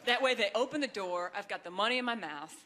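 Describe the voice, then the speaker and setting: A young woman doing a stand-up comedy set, talking in a wry, chatty way and breaking into high, shrill voices for the people she acts out. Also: expressive, quick pace, a crowd in the background, noisy background. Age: young adult. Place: comedy stage before a live audience. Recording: live club set with audience laughter.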